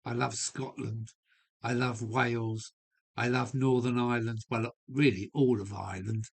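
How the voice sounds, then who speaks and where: Englishman, middle-pitched, blunt and rambling live-stream chatter. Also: steady tone, normal speed, vocal fry, husky. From England. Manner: blunt, opinionated, rambling, with mild swearing. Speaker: model railway live streamer. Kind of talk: casual rambling chat to a live audience. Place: home loft. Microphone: live stream setup.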